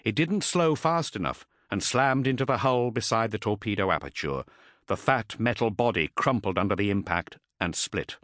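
A man narrating an audiobook in an expressive, dramatic storytelling manner. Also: lowish voice, moderate pace, no echo, studio quality.

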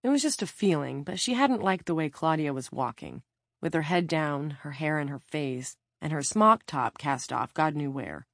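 A woman narrating a novel as an audiobook reader, in a steady, measured reading. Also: low voice, creaky, dry recording, clean studio sound. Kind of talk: scripted narration.

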